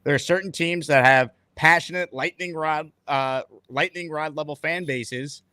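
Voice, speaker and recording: A man hosting a casual sports talk show, talking in a quick, upbeat, conversational way. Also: on the high side, bright, forceful tone, clean tone, no room sound. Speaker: sports radio host.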